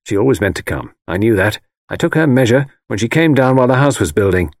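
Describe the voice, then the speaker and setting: A man's voice: mid-range voice, animated, quick pace, no echo, lightly acted. An intense, brooding architect, read by a man with an urgent, insistent edge and a voice that rises and falls a great deal. The delivery stays cryptic and pressing, set down in a dry, close recording.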